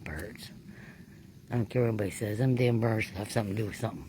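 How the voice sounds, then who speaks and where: A man with a dark, husky voice narrates a night-time field investigation outdoors in the woods. He talks casually and excitably, often dropping to a hushed tone. His delivery is that of an amateur researcher talking to his viewers. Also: medium pitch. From Florida.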